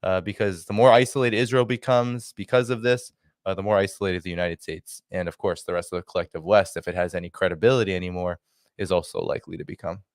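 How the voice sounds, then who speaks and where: A male guest on a livestream talks through geopolitics in a forceful, argumentative way. His voice sits low. The sound is close and dry. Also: fairly even intonation, fast talker, no echo. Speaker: guest commentator. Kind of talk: political commentary on a livestream.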